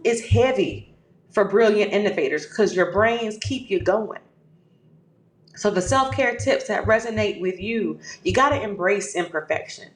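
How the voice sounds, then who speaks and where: A woman's voice: medium pitch, measured pace. A woman hosting a podcast, giving a motivational talk with emphatic, repeated affirmations and calling the listener "baby". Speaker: podcast host. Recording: echoey room.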